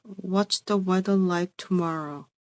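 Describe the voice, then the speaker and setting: A woman with a Korean accent practicing English sentences in halting, careful repetitions. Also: fairly low pitch, steady tone, a little mellow, no echo. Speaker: English teacher acting as a beginner learner. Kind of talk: pronunciation practice.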